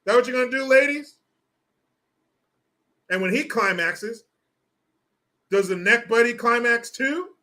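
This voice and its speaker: A man's voice: extremely high pitch, measured pace, pauses often, pushed and bright. A man hosting a livestream, talking casually and crudely, mocking with big theatrical swings. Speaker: livestream host.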